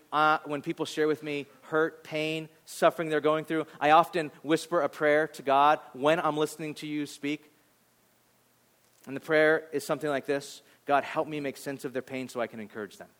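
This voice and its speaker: A man with a high voice preaches in a loose, talky way. He swings from bright acted-out voices to quiet, hushed moments as he speaks to his congregation as their pastor. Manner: conversational, animated, acts out voices, drops to a near whisper on serious points. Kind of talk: sermon.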